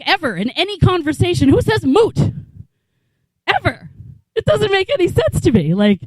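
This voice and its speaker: In a rough recording with no echo, a high-pitched woman with a darkish tone does stand-up in a small bar. She's a comic in her forties from New England, USA, rambling incredulously and swearing freely.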